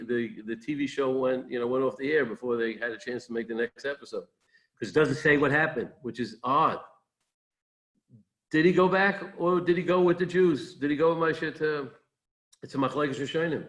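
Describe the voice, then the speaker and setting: A man's voice: medium pitch, steady tone, fairly quick, fairly bright tone, rough recording. A man giving an informal Torah talk as a rabbi, conversational and digressive, thinking aloud as he goes.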